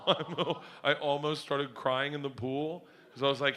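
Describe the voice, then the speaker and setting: A middle-aged man doing stand-up comedy on stage, telling a loud, animated, profane story into a handheld mic. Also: fairly high pitch, slow, background noise. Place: comedy stage before a live audience.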